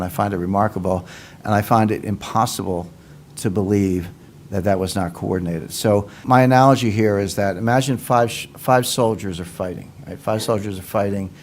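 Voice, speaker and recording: A man's voice: fairly low pitch, fairly quick, slight background noise. Confident man explaining economics. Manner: confident, emphatic, uses analogies and repeats points. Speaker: economics commentator. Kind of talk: explanatory talk.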